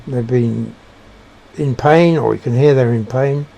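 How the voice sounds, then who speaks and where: A man giving a reflective monologue, halting and searching for words with frequent restarts. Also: medium pitch, creaky, mellow. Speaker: speaker sharing personal beliefs.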